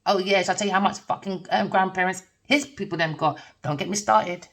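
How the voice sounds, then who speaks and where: A blunt middle-aged woman gives a wandering spiritual tarot reading, cursing freely and laughing often. Her fairly low, fairly bright voice moves briskly, and she's recorded at a distance from the microphone.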